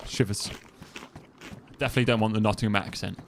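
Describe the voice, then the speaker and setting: A young man with an East Midlands English accent chats casually while streaming a game, speaking fairly quickly in a lowish voice against slight background noise. He rambles, trailing off and starting his thoughts over again.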